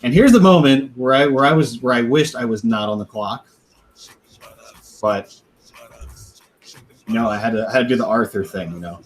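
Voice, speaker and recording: A man's voice: medium pitch, moderate pace, long pauses, a little hiss or hum, rough recording. A man on a podcast casually telling a long profane story, laughing now and then and acting out what others said. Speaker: podcast host.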